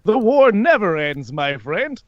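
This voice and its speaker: A man's voice: high voice, very animated, measured pace, fairly bright tone, no room sound, pitched above the performer's own voice, exaggerated voice. A man voicing a manipulative male war veteran who cackles and persuades, on dull lo-fi audio. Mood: sly.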